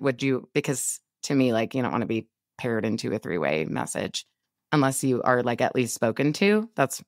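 A woman co-hosting a podcast, giving animated business coaching in a casual chat over a remote call, laughing often. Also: low-pitched, no echo, clean studio sound. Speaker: podcast co-host.

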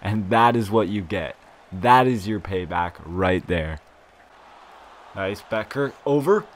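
A young gaming YouTuber gives slow-paced live gameplay commentary for his channel. He swings between low, grumbling frustration and loud, excited shouting, swearing frequently.

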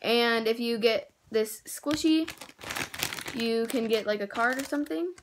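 A teenage girl casually unboxing squishy toys, gushing and excitable, rambling with many fillers. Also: a little high, unhurried, slight background noise. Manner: gushing and excitable, with gasps and squeals; rambling, with many likes and self-corrections. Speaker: squishy toy haul vlogger.

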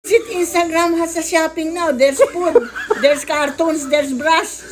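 A woman's voice: very high-pitched, steady tone, a little slow, very noisy. A middle-aged Filipino woman with a Filipino accent, a mother who scolds and laughs in casual comic banter, mixing Tagalog and English. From Philippines. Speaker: mother in a family comedy video.

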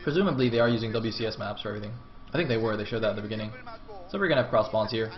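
A man's voice: fairly low pitch, racing, dull audio, soft background music. A man casting a game match in a casual, rambling way, often mocking himself and swearing. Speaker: amateur esports caster.

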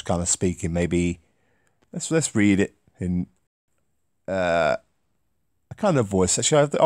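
A wry man hosts his video channel in a casual, chatty way, thinking aloud as he goes. His voice moves in a lively way, and the recording is dry and close. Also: low voice, no echo. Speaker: host of a conspiracy-watching channel.

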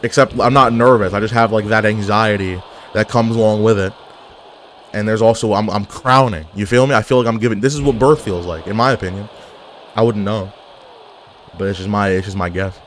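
Excitable man trash-talking over his game. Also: on the low side, brisk, slight background noise. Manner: excitable, jokey trash talk with swearing and wrestling slang. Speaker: gaming video creator. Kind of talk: live commentary over his own online game.

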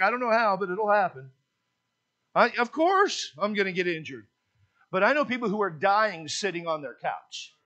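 Male pastor, high voice, folksy humorous sermon delivery in church. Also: highs cut off. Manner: folksy, joking storyteller with lively emphasis.

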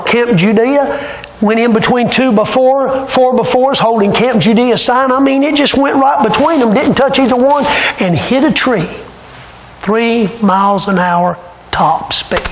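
Male pastor, high voice, dramatic sermon storyteller; roomy church sound with faint background noise. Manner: emotional, dramatic retelling. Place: church sanctuary.

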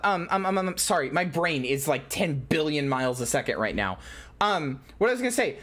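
A woman live-streaming in casual chat, excitable and very animated, swearing and repeating herself as she talks. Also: deep voice.

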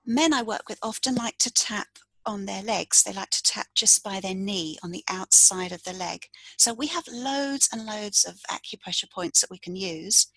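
Guesting on a podcast, this tapping practitioner and coach calmly leads a tapping demonstration one point at a time, voicing each phrase. She speaks at a moderate pace in a soft, faintly breathy, mid-pitched voice. The audio is rough, dry and close, without any echo.

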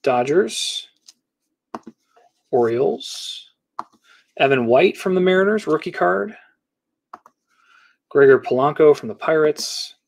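A man's voice: on the high side, lively intonation, slow, creaky, long pauses. A middle-aged man hosting a casual live card break, rattling off player names and teams as he opens packs.

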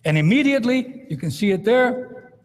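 A man's voice: extremely high pitch, expressive, normal speed. A priest preaching a dramatic sermon in a large cathedral, acting out scripture as he goes. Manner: dramatic, retells scripture with acted quotes. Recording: long cathedral reverb.

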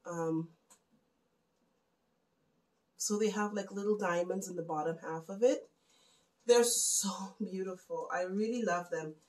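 A woman in her thirties from the West Indies, chatting casually and warmly gushing to viewers as she shows her Christmas gifts. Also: on the low side, slow, pauses often, reverberant, rough recording. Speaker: home vlogger. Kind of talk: casual gift show-and-tell.

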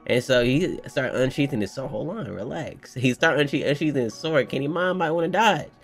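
A young man hosting a casual manga reaction, excitable, slangy and profane as he riffs to his viewers. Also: medium pitch, moderate pace, slightly rough, faint music behind. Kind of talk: casual live reaction commentary.

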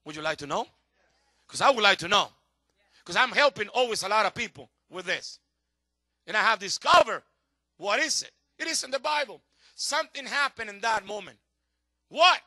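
A middle-aged male pastor preaching a sermon with passion, swinging from shouts to hushed tones, his English a little non-native in grammar. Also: high-pitched, lively intonation, moderate pace, long pauses, no echo.

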